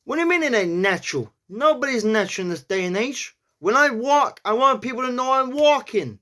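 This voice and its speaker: A man's voice: extremely high pitch, animated, a little fast, pushed and bright, voice pushed up, heavily acted. A man putting on a swaggering New York gangster. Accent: attempted New York. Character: brash male gangster with a thick New York accent.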